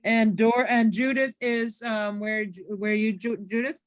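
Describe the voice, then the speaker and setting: A woman's voice: on the high side, fairly even intonation, a little slow, no room sound. A woman from South Florida hosting a casual online group call, chatty and full of fillers and restarts.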